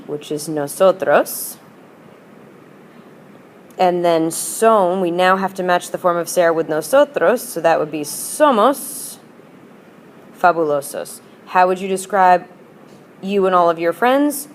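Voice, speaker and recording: A woman's voice: fairly low pitch, slight background noise. A woman teacher explaining grammar in a patient, upbeat lesson and modelling example phrases for students. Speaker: Spanish teacher. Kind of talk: recorded classroom lesson.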